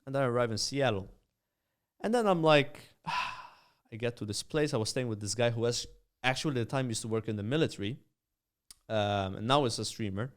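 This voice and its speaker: A young man with a Maltese accent tells an animated story in a podcast chat, filling gaps with "uh" and "like". His voice sits at a middle pitch and sounds smooth and clear. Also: brisk. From Malta. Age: young adult. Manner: animated storyteller, many fillers. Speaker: guest, streamer.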